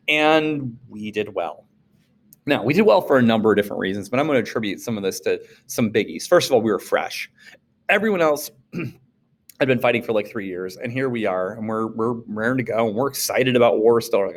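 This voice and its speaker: An animated male teacher talks through a history lesson in a loose, chatty way. His voice sits at an ordinary middle pitch, and he keeps it lively by leaping up into playful quoted voices. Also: brisk. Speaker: social studies teacher. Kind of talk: casual classroom lecture.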